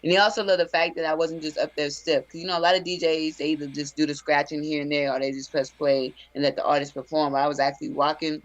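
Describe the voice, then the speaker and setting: A woman from Texas, a DJ, answering interview questions casually and telling stories in a relaxed way. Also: low voice, quick pace, hardly any pauses, muffled recording. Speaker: DJ and interview guest.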